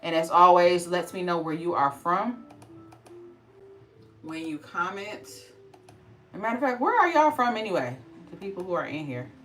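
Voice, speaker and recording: Low-voiced woman chatting on a livestream. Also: expressive, moderate pace, pauses often, a bit bright, far from the mic, faint music behind, rough recording. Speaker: skincare specialist hosting a livestream. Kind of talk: casual livestream chat.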